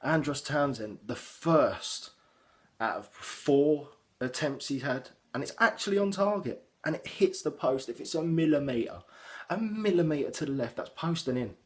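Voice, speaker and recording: A young man's somewhat high voice comes a little slowly as he rambles about a football match he watched as a fan. He's animated, curses heavily, and leans on fillers.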